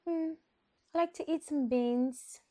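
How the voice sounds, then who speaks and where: A woman putting on a prim, polite English lady with a mock English accent and a high, overly polite manner. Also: slow pace, dark tone.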